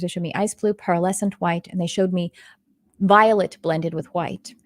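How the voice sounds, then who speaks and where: A woman's voice: fairly low pitch, a little mellow, no echo, clean studio sound. A woman from Texas with a faint Texan accent, teaching about spirits in a casual, rambling way with many fillers and restarts. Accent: Texan, mostly faded.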